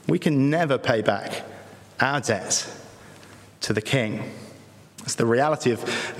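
A man preaching an earnest sermon in church, pausing between phrases and using rhetorical tag questions. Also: medium pitch. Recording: echoey hall reverb.

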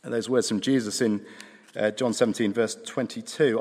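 A man preaching a sermon in a conversational way, with dry asides, slowing down for emphasis. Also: fairly low pitch, steady tone, darkish tone. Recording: long hall reverb.

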